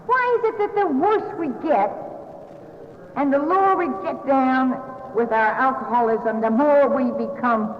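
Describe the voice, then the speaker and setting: Older woman, Southern US accent, wry self-mocking storyteller, high voice, echoey hall, dull old recording. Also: a little slow, a little hiss or hum. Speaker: speaker sharing her recovery story. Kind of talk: storytelling talk to an audience.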